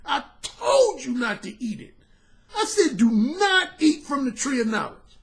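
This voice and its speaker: A man voicing an exasperated, stern male god who scolds loudly. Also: high voice, lively intonation, brisk, voice pushed down. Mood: scolding. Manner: loud, scolding.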